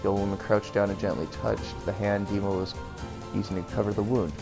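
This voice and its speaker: A man narrates a novel at an easy reading pace, his voice low and gravelly. Now and then he drops in a dry comment of his own. Soft music hums faintly in the background. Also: flat delivery, brisk. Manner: plain narration broken by wry comments. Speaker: streamer. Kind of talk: reading a novel aloud with casual asides.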